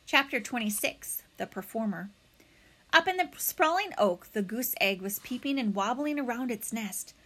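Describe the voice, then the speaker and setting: A woman reading a children's novel aloud as narrator, with expressive storytelling. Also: a little high, moderate pace.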